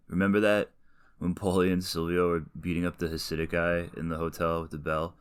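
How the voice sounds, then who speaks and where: A man's voice: low voice, little pitch movement, brisk, smooth. A man in his late twenties, a podcast host rambling through a casual, self-deprecating solo monologue full of tangents.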